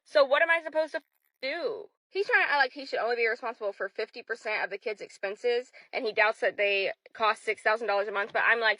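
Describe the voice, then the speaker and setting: A woman venting to camera about her divorce, indignant and complaining. Her voice is bright and somewhat high, and the recording is dry. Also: fast talker, no room sound, poor audio. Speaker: divorced mother.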